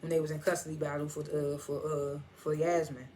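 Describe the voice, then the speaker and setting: A TV reviewer giving a loose, animated recap of an episode, quoting characters along the way. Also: mid-range voice, a little fast, slight background noise. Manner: animated, loose retelling that quotes characters and laughs often.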